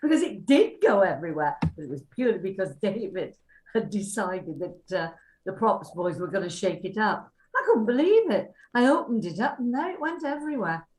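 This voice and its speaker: A woman's voice: medium pitch, normal speed, slight background noise. Older welsh lady swinging her voice all over, chatty stories, echoey room. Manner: lively storyteller, acts out quotes. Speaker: actress at a cast reunion panel. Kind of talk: anecdotal casual chat.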